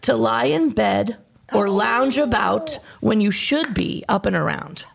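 A woman hosting a casual group podcast chat, bubbly and quick to laugh. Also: a little high, lively intonation, creaky. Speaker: podcast host.

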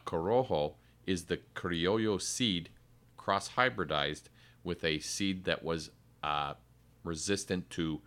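A man with an extremely deep voice and a bright, forceful edge. He speaks as a cigar sales rep, explaining in detail in a playful way during a casual podcast chat.

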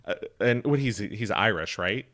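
A man's voice: on the low side, moderate pace. A man chatting casually on a podcast, joking and telling stories about films. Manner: joking, animated storyteller. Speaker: podcast host.

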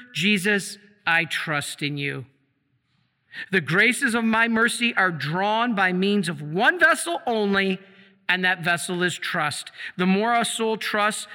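A man preaching a sermon as a priest, asking the congregation questions and answering them himself, slowing and dropping low for emphasis. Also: sharp tone, smooth. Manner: slows down and drops low for emphasis. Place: church. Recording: long echo of a church hall.

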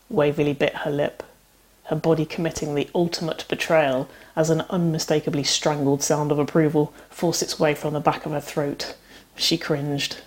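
A woman narrating a romance story aloud, giving the characters' lines light acted shifts. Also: deep voice. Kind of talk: audiobook-style fiction reading.

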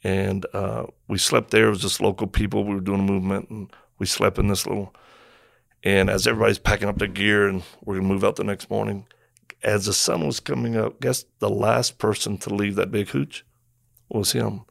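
A man's voice: fairly low pitch, a little fast, vocal fry, no room sound, studio quality. A middle-aged man and former Marine telling stories in casual conversation, acting out quotes and sound effects as he goes. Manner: animated storyteller, acts out quotes and sound effects.

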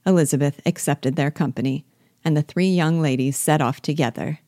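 Low-voiced woman reading a classic novel. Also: mellow, dry recording, clean studio sound. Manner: measured, clear storytelling delivery with light character shading. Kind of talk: audiobook-style literary reading.

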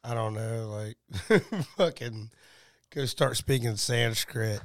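A man's voice: medium pitch, takes it slowly, no echo. Guy rambling and cracking crude jokes on a podcast, dry studio sound. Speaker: podcast guest. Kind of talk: casual drunken banter. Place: small home studio.

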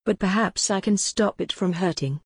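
A woman voicing a calm, careful male doctor. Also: mid-range voice, normal speed, husky, no room sound, clean studio sound. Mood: gentle. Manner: careful, soft-spoken.

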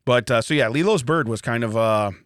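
A man's voice: mid-range voice, brisk, no room sound, clean studio sound. A middle-aged man co-hosting a podcast, telling stories in a casual chat and laughing often. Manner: animated storyteller, laughs often. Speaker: podcast co-host. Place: podcast studio.

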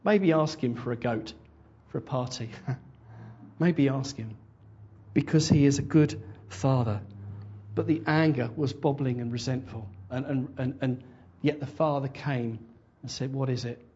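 A man's voice: mid-range voice, unhurried, mellow, slightly rough. A man preaching a conversational sermon and retelling a parable, often restarting his words. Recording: dull lo-fi sermon recording.

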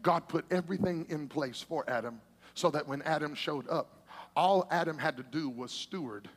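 A male preacher delivering an impassioned sermon, calling out to the congregation and swinging between shouting and hushed passages. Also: fairly high pitch, normal speed, in a large hall. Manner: calls out to the congregation.

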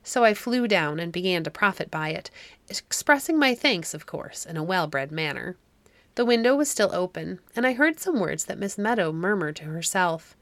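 A woman's voice: fairly low pitch, lively intonation, fairly bright tone, no room sound. Woman narrating a fairy-tale audiobook. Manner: measured, storytelling.

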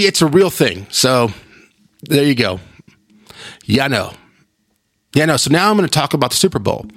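A man's voice: mid-range voice, a bit bright. A man hosting his own podcast, telling stories in a chatty, rambling way with frequent restarts. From Texas. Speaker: podcast host. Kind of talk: casual solo podcast chat.

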